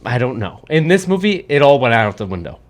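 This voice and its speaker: A man's voice: medium pitch, big pitch swings, fairly quick. A man hosting a podcast, ranting in casual, profane chat about a movie he disliked. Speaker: podcast host.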